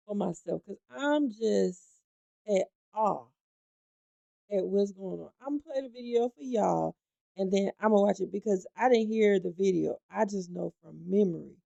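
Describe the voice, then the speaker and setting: A woman's voice: mid-range voice, gravelly, mellow, dry recording, muffled recording. A woman hosting a gossip talk show, chatting emphatically and speaking straight to her viewers. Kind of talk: animated gossip commentary.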